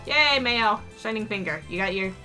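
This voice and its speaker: Bright-voiced woman gaming host. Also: mid-range voice, animated, normal speed, faint music behind. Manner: chatty, wry asides. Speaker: let's play host. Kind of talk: reading a visual novel aloud with commentary.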